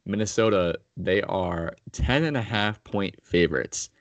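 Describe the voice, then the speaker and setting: A man's voice: low voice, a little slow, no room sound. A man hosting a casual sports betting podcast, blunt and profane, going through picks and calling on his co-hosts. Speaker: podcast host.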